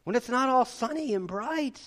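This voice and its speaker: A male pastor delivering a sermon in a casual, conversational tone. His voice sits high and swings widely from bursts to quiet drops. He keeps asking the audience rhetorical questions. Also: expressive, normal speed.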